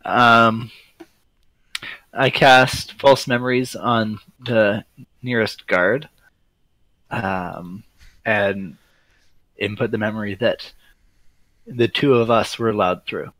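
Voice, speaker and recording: A man playing a tabletop role-playing game, speaking hesitantly and softly with frequent fillers. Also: fairly low pitch, steady tone, slow pace, long pauses, no room sound. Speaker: player. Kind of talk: casual tabletop game play. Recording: dry, close sound.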